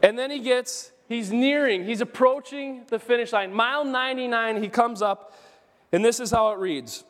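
A man preaching a sermon as pastor, telling a story with animated, emphatic rises. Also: extremely high pitch, normal speed. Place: church sanctuary. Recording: church hall with long reverb.

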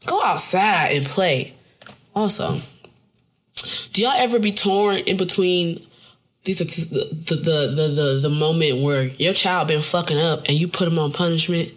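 A mother giving a casual comedic monologue to camera, animated and full of profanity. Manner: animated and profane, with frequent jumps up in pitch for emphasis. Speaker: mother and vlogger.

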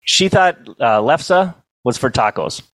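A middle-aged man telling humorous stories to a banquet audience, with a deadpan comic delivery and chuckles. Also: medium pitch, slow pace, dry recording. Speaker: storyteller. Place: banquet hall.

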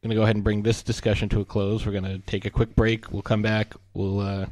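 A man co-hosting a podcast, retelling a movie scene in a casual, animated way with some swearing. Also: fairly low pitch, quick pace, dry recording. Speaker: podcast co-host.

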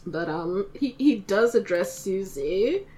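Hesitant woman with lively pitch. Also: takes it slowly, a little hiss or hum. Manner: hesitant, with many "uh" and "um". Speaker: tabletop game player. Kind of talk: describing her character's actions in a tabletop game.

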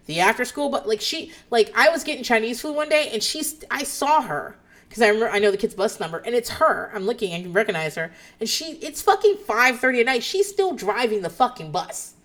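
A woman's voice: on the high side, a little fast. A woman in her thirties hosting a podcast, telling a rambling personal story in casual chat, swearing freely and laughing often. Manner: profane, animated, laughs often. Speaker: podcast host.

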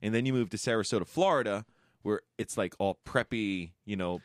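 A man in his forties from upstate New York, co-hosting a podcast in casual chat, animated and laughing often. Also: fairly low pitch, a little fast, dry recording, studio quality. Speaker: podcast co-host.

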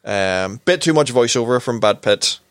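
A man giving a casual film review, halting and hesitant in delivery. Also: mid-range voice, lively intonation, a bit bright, no echo. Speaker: podcast co-host, film reviewer.

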